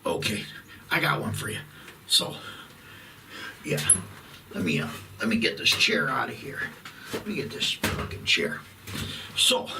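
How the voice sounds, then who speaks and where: A man's voice: on the low side, big pitch swings, creaky, sharp tone, distant mic, slight background noise. A man in his fifties ranting profanely and bluntly about his pet peeves to his channel's viewers, dragging out words for emphasis. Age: 50s. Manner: blunt, profane, combative rant with long drawn-out words. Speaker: YouTube host.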